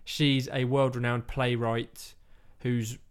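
Man, casual chat, rambling film recap, middle pitch. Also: little pitch movement, slow pace, smooth. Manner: rambling storytelling, acts out quotes.

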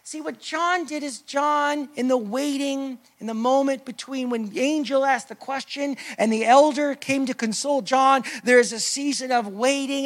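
A man preaching a sermon, swinging from loud emphatic lines to hushed, almost whispered drops as he acts out the voices of hurting people. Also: very high-pitched. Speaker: pastor.

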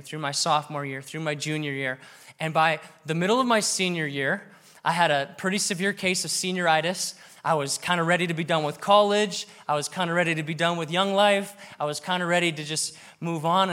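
A man in his thirties preaches with a fairly high voice. He tells personal stories earnestly and then presses his point with emphatic exhortation. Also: fairly bright tone, clean tone. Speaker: pastor. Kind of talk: sermon.

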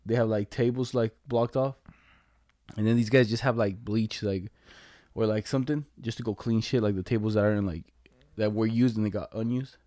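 A man's voice: lowish voice, steady tone, normal speed, dark tone. A young man casually telling a rambling, slangy story to a friend, laughing along and quoting others in put-on voices.

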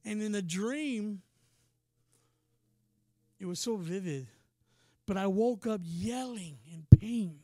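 Slowly, with long pauses, a male preacher whose voice is strikingly high delivers a passionate, casual sermon, saying "man" often and veering between near-whispers and shouting. It's recorded close and dry, with barely any echo.

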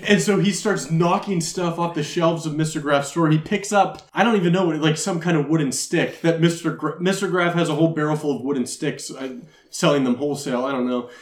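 A man's voice: a little high, a little fast. Man rambling through a movie recap. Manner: rambling, amused storytelling with many fillers. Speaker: podcast co-host. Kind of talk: casual movie recap chat. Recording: roomy echo.

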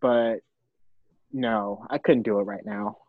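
A man's voice: mid-range voice, very animated, takes it slowly, vocal fry, no room sound, phone-quality sound. A young man, a baseball player, chatting casually as a podcast guest and laughing through an easygoing story. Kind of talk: casual interview.

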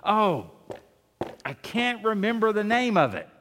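A man voicing a forgetful, excitable man in a joke, eager and fumbling for words, in an echoing hall. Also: high-pitched, a little slow, slight background noise, voice pushed up, full character voice. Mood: excited. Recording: long reverb of a large hall.

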